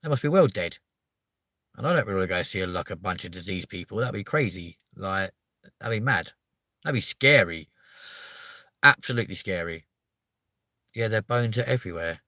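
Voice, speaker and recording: A young Englishman hosting a live stream, telling rambling stories full of swearing. His voice sits a bit low but has a bright, forceful edge. The sound is dry and close, with almost no room around it. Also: expressive, normal speed, pauses often, dry recording. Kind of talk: casual live stream chat.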